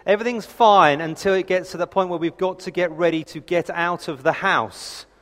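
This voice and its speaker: A man's voice: sits high, moderate pace, fairly bright tone. A man in his thirties preaching a sermon, telling family stories in a chatty, self-deprecating way. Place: church hall. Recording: reverberant hall.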